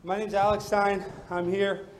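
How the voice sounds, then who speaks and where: A man putting on the voice of a cringy female nurse, out of breath and freestyle rapping deliberately badly at a council meeting. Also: high voice, level tone, voice pushed up, lightly acted. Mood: goofy. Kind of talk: archival clip.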